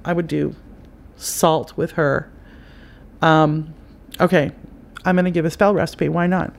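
A woman's voice: sits low, fairly even intonation, a little slow, creaky. A middle-aged woman hosting an advice podcast, chatting casually and repetitively through spiritual instructions and calling the listener honey.

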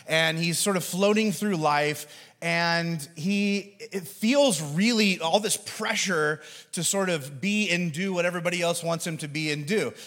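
A man delivers a sermon in a loose, conversational way, full of fillers and little jokes. His voice sits a bit higher than most men's, and he talks as a pastor to his congregation. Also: a bit bright. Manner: conversational, joking preaching with filler words.

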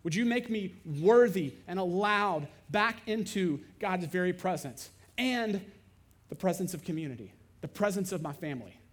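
A man's voice: high-pitched, expressive, normal speed. A man voicing a desperate, resigned male leper who begs to be accepted, in a dramatized sermon monologue. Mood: resigned longing. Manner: pleading, plain-spoken.

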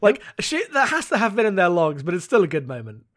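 A man's voice: sits high, wildly swooping pitch, fast talker. A man in casual chat about a TV episode, loose and profane, laughing often. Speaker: podcast co-host.

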